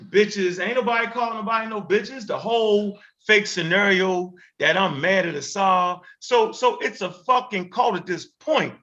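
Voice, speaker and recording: Guy hosting, ranting hard, high sharp voice, keeps repeating himself, cusses a lot. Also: moderate pace, few pauses. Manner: animated, repetitive, emphatic and profane. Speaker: host. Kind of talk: heated commentary. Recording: dull lo-fi recording.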